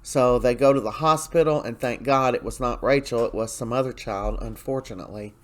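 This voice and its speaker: A man's voice: medium pitch, a little fast. Chatty man recapping a soap episode. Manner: chatty and opinionated, with frequent fillers and asides. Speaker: soap opera recap host. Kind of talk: casual spoken episode recap.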